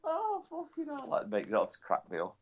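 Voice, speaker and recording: A man's voice: extremely high pitch, huge pitch swings, normal speed, over a noisy crowd. A man co-hosting a podcast, telling crude jokes and stories in casual banter. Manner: crude, joking, storytelling. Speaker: podcast co-host. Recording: dull lo-fi sound.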